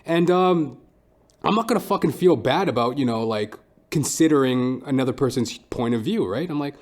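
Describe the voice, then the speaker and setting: A young man hosting a podcast, telling stories in a casual monologue that is profane and animated. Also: mid-range voice, fairly quick. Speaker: podcast host.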